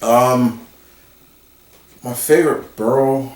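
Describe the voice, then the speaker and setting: A man talks in an unhurried, rambling way as he answers viewer questions for his vlog, addressing his audience directly. His voice sits at an ordinary pitch. It's recorded a little way off the mic, in a room that gives a clear echo. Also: steady tone. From New York area. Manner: rambling and conversational, talking straight to viewers. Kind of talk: casual Q&A vlog. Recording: roomy echo, distant from the mic.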